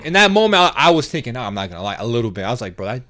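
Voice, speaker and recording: Man, podcast co-host, relaxed casual recap, mid pitch, dry close sound. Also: racing, no echo. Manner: relaxed, frequent agreeing interjections. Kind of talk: casual spoiler review chat.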